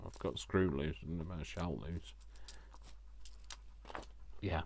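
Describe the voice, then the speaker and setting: Low voiced guy unboxing crafts, gasps and gushes, chats to himself, kinda slow. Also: vocal fry, darkish tone, slight background noise. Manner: gushing, gasping and talking to himself. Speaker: craft vlogger. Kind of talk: casual unboxing chat.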